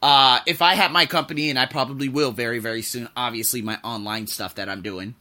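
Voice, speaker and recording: A man's voice: mid-range voice, fairly even intonation, brisk, pushed and bright. A man who teaches English talks frankly in a rambling vlog monologue, exasperated and swearing freely.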